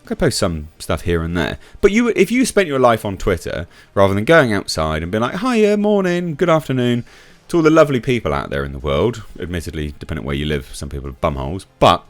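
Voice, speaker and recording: A man's voice: big pitch swings, quick pace, hardly any pauses, dry recording, faint music behind. A man giving casual, sarcastic commentary, reading out quotes and reacting to them with sudden emphatic jumps in his voice. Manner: sarcastic, chatty, swings from low mutter to sudden high emphasis. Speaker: YouTube commentator.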